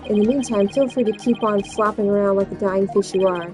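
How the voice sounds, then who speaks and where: A woman's voice: medium pitch, steady tone, fairly quick, music in the background, lightly acted, rough recording. A woman reading a smug sneering game thug. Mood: gloating. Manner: taunting, gloating.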